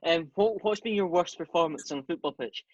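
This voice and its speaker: A man hosting an interview, putting brisk, short questions to his guest. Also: fairly high pitch, darkish tone, no echo. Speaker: interview host. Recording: dull dry lo-fi sound.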